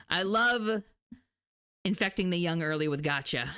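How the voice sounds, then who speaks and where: A woman streamer in a chatty, animated casual talk, laughing often. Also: fairly low pitch, takes it slowly, pauses often, clear, resonant tone. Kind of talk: casual chat.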